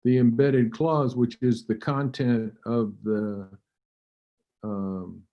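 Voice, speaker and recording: Man, academic lecture, slow delivery, dull lo-fi recording. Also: mid-range voice, steady tone. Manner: slow, measured, halting with fillers and throat clearing. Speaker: linguistics lecturer.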